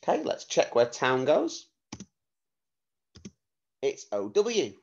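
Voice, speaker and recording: A man teaching a phonics lesson to young children, spelling words out letter by letter in a clear, slow dictation manner. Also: medium pitch, wildly swooping pitch, darkish tone, lo-fi sound. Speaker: primary school teacher.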